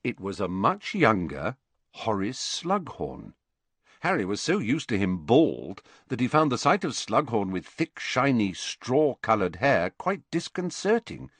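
A man narrating an audiobook with expressive storytelling, recorded on a close mic. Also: lowish voice, a little slow, no echo. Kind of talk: scripted narration.

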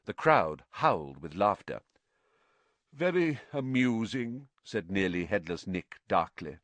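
A man narrating an audiobook with expressive, dramatic storytelling. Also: sits low, unhurried, no room sound. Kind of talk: scripted narration.

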